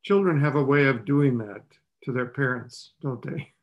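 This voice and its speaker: A man's voice: moderate pace, dull audio. A man preaching a sermon in a conversational way, asking the listeners rhetorical questions. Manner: voices the characters' lines with rising pitch.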